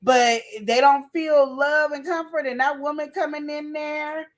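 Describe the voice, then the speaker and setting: High-voiced, animated woman host. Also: measured pace. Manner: animated, slangy storytelling. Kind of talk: casual relationship advice chat.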